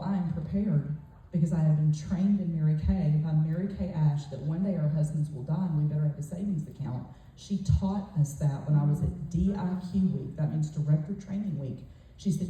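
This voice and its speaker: A woman's voice: low-pitched, dark tone, recorded from a distance. A woman gives a forthright, emphatic motivational talk, telling a story to a retreat audience. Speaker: motivational speaker at a sales retreat. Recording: echoey hall, voice off-mic.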